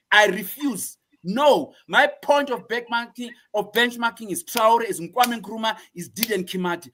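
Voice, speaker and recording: A man with a notably high voice delivers fiery political commentary as a show guest. He preaches with raw passion and keeps coming back to the same phrases, his pitch climbing high for emphasis. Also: fairly bright tone.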